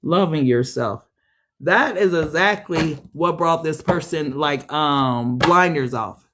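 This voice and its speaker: Taking it slowly, a woman gives viewers a laid-back tarot reading in a frank, profane manner. Her voice occasionally jumps into high, excited bursts.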